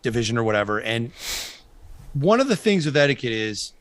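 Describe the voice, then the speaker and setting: A man's voice: medium pitch, very animated, brisk, no room sound. A man co-hosting a fishing podcast, telling a story bluntly, swearing freely and acting out both sides of the exchange. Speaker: podcast co-host. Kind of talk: casual podcast chat.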